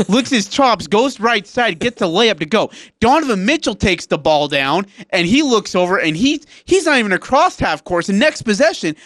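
A man co-hosting a sports radio show, telling game stories in a lively, casual way. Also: sits high, normal speed, no room sound, studio quality. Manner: animated storytelling, acts out players.

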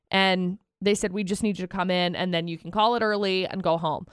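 Female radio co-host, smooth voice, chatty and expressive, dry mic. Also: on the low side, brisk, dry recording. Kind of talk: casual radio chat.

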